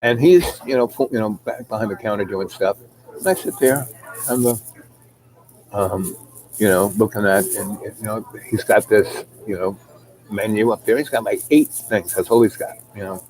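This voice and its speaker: A man's voice: fairly low pitch, moderate pace, a little mellow, slight background noise, low-quality recording. A middle-aged man telling a long personal anecdote in a rambling, casual way, full of fillers and asides. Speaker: storyteller.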